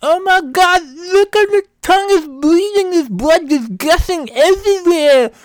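A man voicing himself as a whiny man with a bleeding tongue, talking high and slurred with his tongue out. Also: a little slow, no room sound. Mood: whining.

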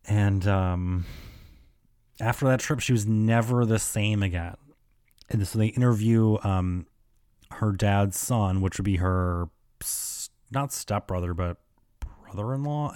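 A young man chats alone into a close mic, his voice sitting on the lower side. He rambles and swears through his stories, restarting sentences and padding them with fillers. The sound is dry, with no room around it. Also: a little mellow, no room sound. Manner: chatty, profane, filler-heavy storytelling. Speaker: podcast host. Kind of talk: casual solo podcast chat.

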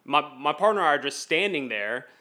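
A man's voice: a little high, big pitch swings, a little fast, bright, forceful tone, no echo. Rambling, heated man in a dry room. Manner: rambling, filler-heavy, heated and emphatic. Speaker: activist guest. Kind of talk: casual interview storytelling.

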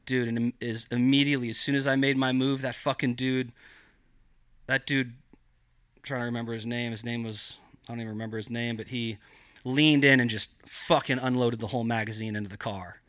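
A man's voice: medium pitch, fairly even intonation, brisk, a bit bright, dry recording, studio quality. A man guesting on a podcast, telling a story in casual style with heavy swearing and lots of rambling filler. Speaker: podcast guest, cannabis grower.

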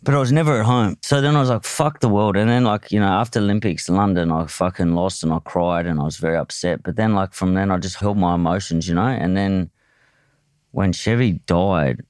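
A man's voice: low voice, a little fast, darkish tone, smooth, no room sound, clean studio sound. An Australian man telling his own story in a candid, blunt way, swearing often and restarting his sentences. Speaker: podcast guest, boxer.

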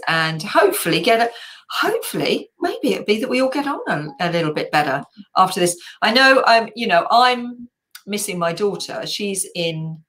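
A woman's voice: fairly low pitch, a bit bright. A middle-aged woman hosting a casual live chat, talking in a rambling way with many fillers and self-corrections. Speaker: host.

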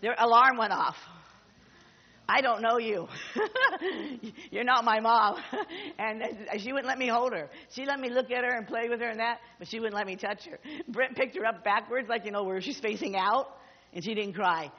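A woman's voice: fairly high pitch, brisk. A middle-aged woman pastor preaching a sermon, emphatic and exhorting, often repeating her phrases. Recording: dull audio with long hall reverb.

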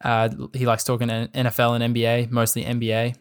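Man, Australian accent, young adult, casual sports podcast chat, rambling, lots of fillers, mid pitch. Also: completely flat delivery, fast, clean tone. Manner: rambling, filler-heavy with frequent "like" and "um". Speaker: podcast host.

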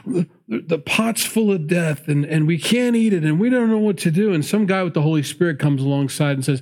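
A man's voice: a little high, expressive, a little fast, a little mellow. A man teaching through a Bible passage in a conversational sermon, laughing often and acting out the people in the story. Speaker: pastor.

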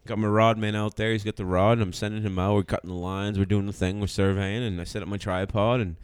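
A man's voice: on the low side, little pitch movement, fast, clean tone, no room sound. A man co-hosting a podcast, telling a rambling, profane story in casual chat and laughing along the way. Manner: profane, rambling, laughs through his stories. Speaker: podcast co-host.

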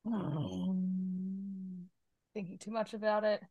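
A woman co-hosting a podcast, chatting casually through a guessing game, animated and quick to laugh and exclaim. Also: medium pitch, breathy edge, dry recording, highs cut off. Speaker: podcast co-host.

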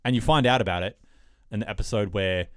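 A man's voice: on the low side, fast talker, fairly bright tone, dry recording, studio quality. A man co-hosting a podcast in a casual chat, rambling with lots of fillers as he retells TV scenes. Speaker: podcast co-host.

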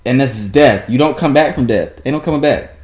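A young man co-hosting a casual chat, loud and teasing, often laughing. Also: mid-range voice, brisk, reverberant. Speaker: podcast co-host.

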